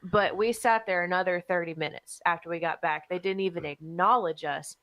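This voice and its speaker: A woman's voice: fairly low pitch, steady tone, a little fast, a bit bright. A woman, casually telling an exasperated story as a podcast co-host. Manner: profane, exasperated storyteller, repeats herself.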